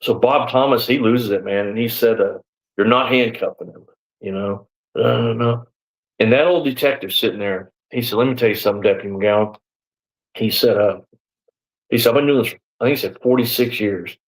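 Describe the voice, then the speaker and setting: A man's voice: medium pitch, brisk, poor audio. Man in his 60s telling his story. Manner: rambling storyteller who acts out quoted exchanges; casual, peppered with "man" and "you know". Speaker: interview guest, former sheriff's deputy.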